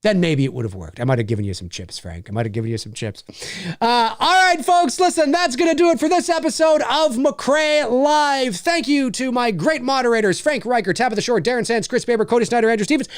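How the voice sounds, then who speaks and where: Brief: man in his forties, livestream host, animated and swearing, with a dry, close sound. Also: high-pitched, no echo. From Canada. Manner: animated, profane, laughs often. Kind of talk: casual livestream chat.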